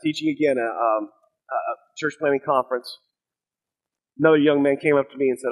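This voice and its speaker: A middle-aged man, a pastor preaching a sermon, telling stories in an earnest, halting way with fillers and restarts. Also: medium pitch, steady tone, rough recording.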